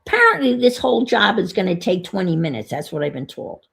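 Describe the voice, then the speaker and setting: A woman's voice: lowish voice, very animated, fast, vocal fry, fairly bright tone. A woman chatting casually on her vlog, telling an exasperated story and thinking aloud as she works on a craft. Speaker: vlogger. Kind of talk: casual chat while crafting.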